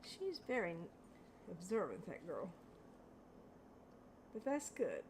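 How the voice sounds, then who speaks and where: A woman's voice: fairly low pitch, huge pitch swings, slow pace, darkish tone, slight background noise. An older woman hosting a home craft video, chatting in a rambling way and laughing at herself while she paints. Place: home studio.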